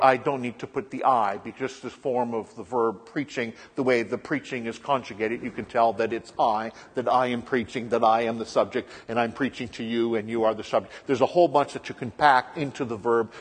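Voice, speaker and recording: A man's voice: mid-range voice, husky. A male pastor reads scripture and then teaches a sermon in a conversational way, with frequent ums and uhs. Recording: long echoing reverb of a large hall.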